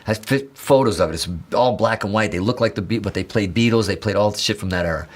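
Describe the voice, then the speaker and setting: A man from the Azores telling an excited, rambling story as a guitarist guest, swearing and acting out quotes. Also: fairly low pitch, fast talker. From Azores, Portugal. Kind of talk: animated storytelling in an interview.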